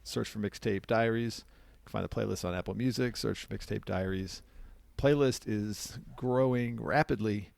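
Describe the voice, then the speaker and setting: A man's voice: on the low side, moderate pace, gravelly, hardly any pauses, darkish tone, dry recording. A man hosting a podcast in casual, joking chat, rambling a little with ums. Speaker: podcast host.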